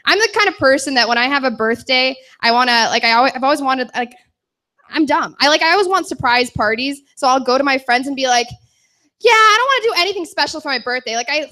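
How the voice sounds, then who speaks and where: Young female comic, rambling self-deprecating delivery, bright voice. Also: sits high. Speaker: stand-up comedian. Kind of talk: stand-up set. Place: bar stage.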